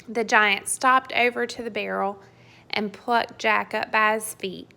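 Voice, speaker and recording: Lady reading a kids storybook out loud, slow and playful, bright voice. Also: medium pitch, creaky. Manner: expressive, playful narration. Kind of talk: children's storybook read-aloud.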